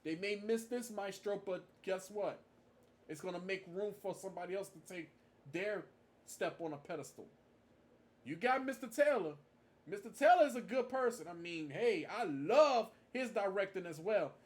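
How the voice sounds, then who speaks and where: A man's voice: sits high, lively intonation, moderate pace. A man giving a casual tribute monologue, stressing his points by repeating them. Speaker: marching band fan vlogger.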